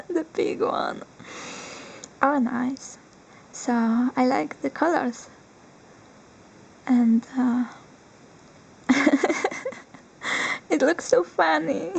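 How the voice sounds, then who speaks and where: A young woman, not a native English speaker, unboxing collectibles on camera, excitable and giggly, squealing with joy now and then. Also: high voice, creaky, poor audio. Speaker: vlogger. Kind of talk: unboxing vlog.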